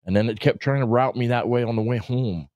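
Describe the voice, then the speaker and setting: A man's voice: medium pitch, brisk, a little mellow, dry recording. A middle-aged man hosting a casual livestream, rambling, swearing and laughing as he talks. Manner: rambling, profane, laughs often. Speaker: podcast host. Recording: dull lo-fi stream audio.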